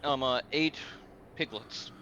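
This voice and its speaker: A man's voice: medium pitch, takes it slowly, muffled recording, a crowd in the background. A man playing a tabletop game, talking casually and offhand. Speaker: player.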